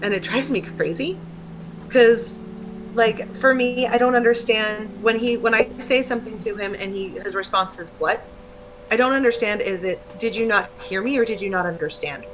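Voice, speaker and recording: A woman's voice: a little high, moderate pace, background noise. A woman talking candidly in a casual chat, rambling and laughing often. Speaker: stream co-host.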